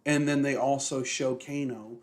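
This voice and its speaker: A man's voice: medium pitch, fairly even intonation, moderate pace. A young man co-hosting a podcast in casual chat, rambling with lots of fillers and constant swearing. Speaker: podcast co-host.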